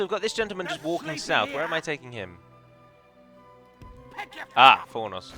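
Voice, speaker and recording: Bright-voiced guy rambling through a strategy game let's play, opinionated, quiet music behind. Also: mid-range voice. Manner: chatty, rambling, opinionated asides. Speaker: game modder and let's player. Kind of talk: casual gameplay commentary.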